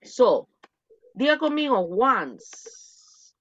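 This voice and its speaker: A woman English teacher leads a lesson over a video call, reading aloud and having students repeat after her. Her voice sits a little high and moves a lot in pitch. The call audio is dry and a touch muffled. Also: sing-song, extremely slow, a bit bright, no echo. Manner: drills pronunciation, switches between English and Spanish. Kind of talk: online English lesson for Spanish speakers.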